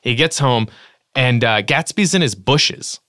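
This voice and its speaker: Bright, animated, swearing man. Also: medium pitch, unhurried, no echo, clean studio sound. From lives in Los Angeles. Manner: animated, profane, acts out quotes. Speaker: podcast guest. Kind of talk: casual book-club chat.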